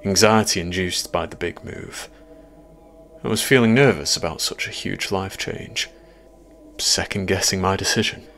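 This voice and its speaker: Deep, gravelly horror narrator. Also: male voice, slight background noise. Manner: measured, quietly ominous storytelling. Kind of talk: scripted first-person horror narration.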